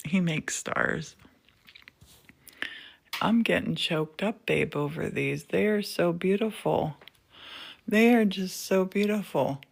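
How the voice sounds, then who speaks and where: A woman hosting a casual live demo from a glass studio, gushing with affection and chatting to her viewers. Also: fairly low pitch. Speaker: livestream host. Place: indoor glass fusing studio.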